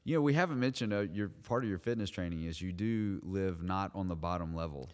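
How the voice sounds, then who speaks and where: Teasing man with a very low voice. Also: animated, brisk, darkish tone, in a large hall. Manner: teasing, jokey. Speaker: podcast co-host. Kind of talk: casual chat.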